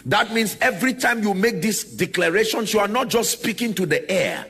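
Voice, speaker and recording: A man's voice: sits high, expressive, normal speed, bright, forceful tone, soft background music. A man preaching a sermon to a congregation, drawing responses from them and sliding into sung, chanted phrases. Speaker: pastor.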